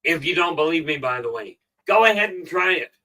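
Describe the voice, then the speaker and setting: A middle-aged man giving a casual motivational talk on a live stream, rambling and filling pauses with "okay". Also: a little high, expressive, distant mic, noisy background. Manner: rambling, frequent "okay" fillers. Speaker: self-help live streamer.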